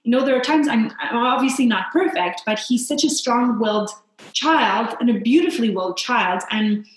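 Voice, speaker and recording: A woman's voice: on the high side, animated, normal speed. A woman from Poland, a guest on a podcast, telling personal stories in an earnest, reflective way. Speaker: guest, founder and coach for mothers. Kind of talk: heartfelt podcast interview. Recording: very echoey room.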